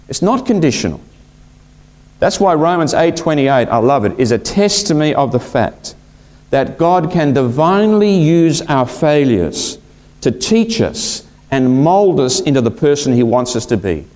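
A male pastor delivering a sermon with plenty of expression. His voice climbs when he acts out what people say and sinks to a near hush on key words. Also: normal speed. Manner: expressive preaching, acting out quotes with big pitch swings and hushed drops.

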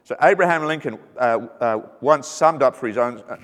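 A man's voice: mid-range voice, normal speed, a bit bright. Man preaching in a reverberant hall. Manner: earnest, with joking asides. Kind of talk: sermon.

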